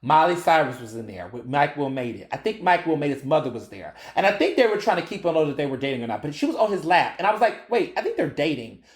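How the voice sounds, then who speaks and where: A man in his thirties hosting a podcast, telling a story in a casual, animated way and swearing freely. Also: a little high, quick pace, few pauses, roomy sound. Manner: animated, acts out quoted dialogue, swears freely. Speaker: podcast host.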